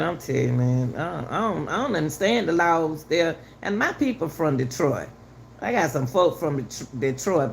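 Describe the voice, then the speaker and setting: A woman's voice: fairly low pitch, vocal fry, a little hiss or hum. A middle-aged woman giving heated, casual commentary to her viewers, repeating herself for emphasis. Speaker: channel host commenting on a news case.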